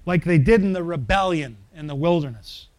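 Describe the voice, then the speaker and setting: A man's voice: a little high, brisk. A man preaching a sermon as pastor, building to emphatic swells and checking in with the congregation through questions.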